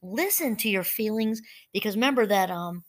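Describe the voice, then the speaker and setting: A woman's voice: mid-range voice, expressive, normal speed. A woman hosting a solo podcast on mindfulness, talking casually with asides and restarts, now and then reading passages aloud from a book. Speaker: podcast host. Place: home.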